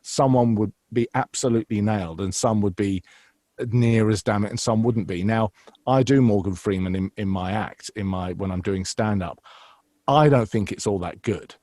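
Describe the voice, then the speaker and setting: An impressionist talks casually about his craft. He rambles and restarts, with a lowish voice. The recording is dry, with no room sound. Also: normal speed, darkish tone, no room sound. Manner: rambling, restarts, frequent fillers. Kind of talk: casual interview chat.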